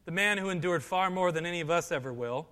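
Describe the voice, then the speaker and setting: Reading scripture aloud during his sermon, this male pastor raises his voice and leans into the words with force. His pitch is high for a man, his tone sharp, clear and resonant, and his pace quick. Long reverb makes it sound like a large hall.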